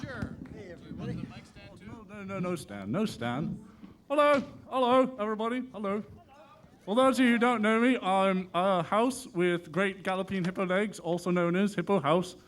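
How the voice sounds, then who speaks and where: A man performing a flamboyant stage character who is excited to announce his wedding to a theater audience. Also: sits high, moderate pace. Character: flamboyant male stage persona about to marry. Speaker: talent show contestant. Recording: live stage mic with music behind.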